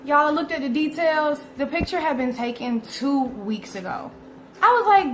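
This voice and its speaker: A woman in her twenties, a vlogger telling a storytime, animated and profane, who keeps calling her viewers y'all. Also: sits high, normal speed. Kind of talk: casual storytime. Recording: echoey room.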